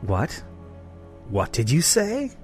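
A man's voice: medium pitch, huge pitch swings, slow pace, faint music behind, voice pushed up. A man voicing a cruel, methodical alien doctor who snarls with cool menace. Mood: menacing.

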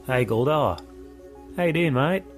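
A man's voice: mid-range voice, animated, unhurried, voice pushed up. A man reading the lines of a tired, friendly male officer who talks casually. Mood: weary. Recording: voice over background music.

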